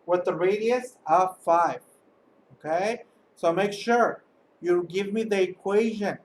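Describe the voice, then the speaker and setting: Patient teacher checking in with "okay?". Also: mid-range voice. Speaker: high school math teacher. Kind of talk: recorded video lesson walkthrough. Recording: distant mic with faint background noise.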